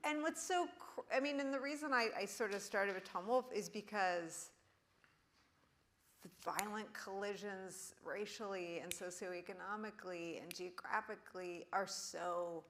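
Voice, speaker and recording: A woman's voice: mid-range voice, fairly bright tone, slight background noise. Eager woman interviewer. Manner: eager, laughs often, quick asides. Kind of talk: live stage interview.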